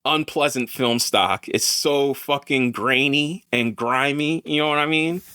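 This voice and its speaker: A man hosting a casual film podcast, talking in an animated, slangy way with plenty of swearing. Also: mid-range voice, unhurried, clean tone, no echo, studio quality. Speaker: podcast host, film reviewer. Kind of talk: casual chat.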